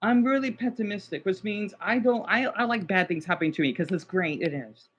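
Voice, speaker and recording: A man's voice: high-pitched, fairly quick, fairly bright tone, breathy edge. Agitated man on a lo-fi livestream. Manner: agitated, swearing, talking to chat. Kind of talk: casual livestream chat.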